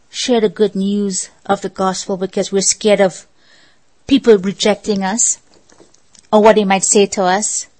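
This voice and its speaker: A woman's voice: on the high side, low-quality recording. A woman preaching a sermon in an earnest, exhorting way, asking her listeners rhetorical questions.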